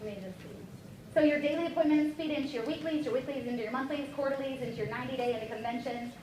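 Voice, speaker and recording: A woman giving an energetic, emphatic motivational seminar talk as a sales trainer, constantly checking in with her listeners. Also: sits high, very fast, slight background noise. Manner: energetic, emphatic, keeps checking in with "okay?" and "guys". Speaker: network marketing trainer. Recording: echoey room, voice from far off, faint ambience.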